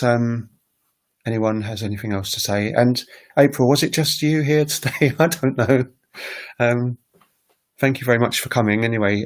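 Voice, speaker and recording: A man with a fairly low voice talks unscripted on a livestream about learning languages. He pauses often with filler sounds and voices example words aloud to show how they rise and fall. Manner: demonstrates tones by voicing example words. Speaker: language-learning channel host. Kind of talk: casual livestream explanation.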